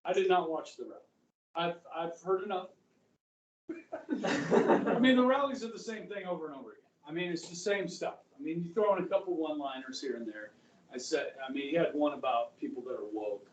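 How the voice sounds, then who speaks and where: A man's voice: on the high side, quick pace, slight background noise. A male history teacher giving a chatty, rambling classroom lecture and often checking in with students. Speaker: high school history teacher. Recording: echoey classroom from far off.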